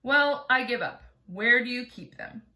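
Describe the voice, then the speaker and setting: A woman's voice: on the high side, animated, unhurried, pushed and bright. A woman voicing an eager, curious small boy in a storybook read-aloud. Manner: wondering, earnest. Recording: roomy echo.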